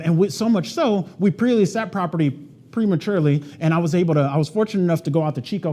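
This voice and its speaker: Male keynote presenter, fairly high voice, warm and dark tone, casual and chatty storytelling to an audience. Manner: casual and animated, heavy on "like" and "right?". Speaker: conference presenter. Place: event stage before an audience.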